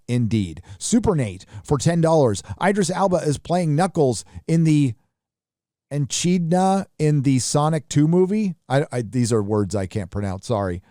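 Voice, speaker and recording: A male livestream host reading out viewer donations and messages, adding quick casual asides. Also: on the high side, mellow, no room sound, studio quality. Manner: reads donor messages aloud with quick asides.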